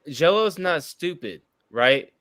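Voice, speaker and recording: This man in his thirties streams in a group chat, talking casually in a fairly high, expressive voice that's a little slow and fairly bright. He's blunt and crude and often talks over others. The studio sound is clean, with no room sound.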